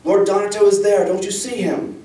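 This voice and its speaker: A man reading the part of a frightened young girl in a storybook reading, raising his voice high and shouting urgent pleas. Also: little pitch movement, a little fast, far from the mic, close to an everyday voice. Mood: frantic. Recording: echoey room, voice from the mic.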